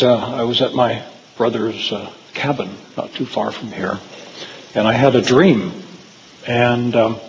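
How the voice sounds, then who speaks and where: A man's voice: fairly low pitch, vocal fry, in a large hall, lo-fi sound, slight background noise. A man giving a talk to a live audience, telling personal stories in a rambling way with frequent fillers and restarts. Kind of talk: storytelling lecture to a live audience. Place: hall with audience.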